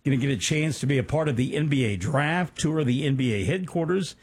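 A man's voice: medium pitch, animated, fairly quick, breathy edge. A man co-hosting a local radio show, chatting about community news with enthusiastic asides. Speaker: radio co-host.

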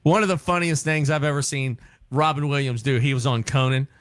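A man hosting a morning radio show, chatting in an excitable, joking way and laughing often. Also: mid-range voice, fairly quick, no echo.

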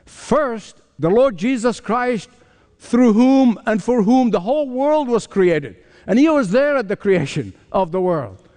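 A man's voice: very high voice, very animated, a little slow, mellow, big-room sound. A man preaching a sermon as pastor, emphatic and prompting his listeners to finish his sentences. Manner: emphatic, asks the congregation to fill in words.

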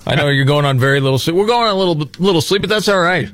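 A man's voice: a little high, animated, very fast, fairly bright tone, no room sound. Teasing radio host, a man. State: losing his voice. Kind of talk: casual chat.

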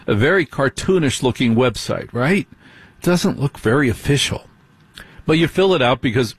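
A middle-aged man hosts a late-night radio show in a husky voice at an ordinary pitch. He chats with listeners, repeats his points and asks them direct questions. The studio sound is close and dry. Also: no echo. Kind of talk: talk radio monologue. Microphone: studio microphone.

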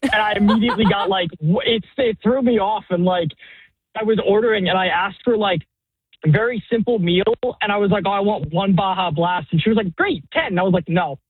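A young man phones in and chats casually, dropping "like" everywhere. His high, slightly husky voice comes through a tinny phone line. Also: a little fast, dry recording. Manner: chatty, many "like" fillers. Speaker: caller.

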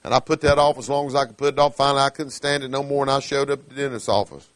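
A man preaching a sermon, swinging from hushed asides to fervent calls, with folksy dialect grammar. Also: mid-range voice, fairly even intonation, racing, no room sound.

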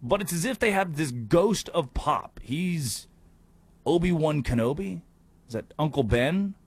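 Husky-voiced man hosting sports talk. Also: a little high, a little slow, dry recording. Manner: animated, jokey, breaks into put-on voices. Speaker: sports radio host.

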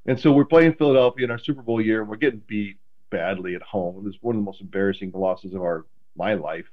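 Animated man telling stories, slightly dull audio. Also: lowish voice, quick pace. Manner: animated, self-deprecating, many restarts. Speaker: guest, former quarterback. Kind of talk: casual interview storytelling.

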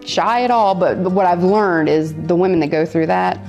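A middle-aged woman, a tattoo artist, telling stories in a casual, lively way and laughing often. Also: lowish voice, moderate pace, vocal fry, muffled recording, faint music behind. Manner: lively, acts out quoted people, laughs often. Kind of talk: casual storytelling.

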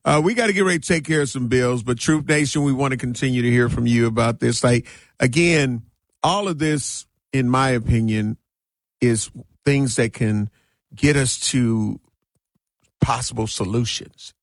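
A man's voice: mid-range voice, normal speed, no echo. Emphatic talk radio host man. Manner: affectionate, emphatic, preaching accountability.

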